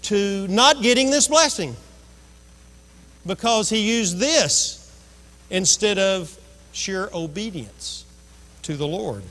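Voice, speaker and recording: A man's voice: sits high, expressive, slow, pauses often, a bit bright. A man preaching a sermon as pastor, telling a story and acting out the voices in it. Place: church sanctuary. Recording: long reverb of a church hall.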